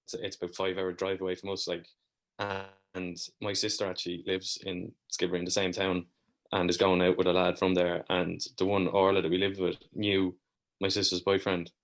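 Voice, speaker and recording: A man's voice: low voice, monotone, normal speed. An Irish man guesting on a podcast, telling long easygoing anecdotes and swearing casually. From Ireland. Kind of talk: casual storytelling chat.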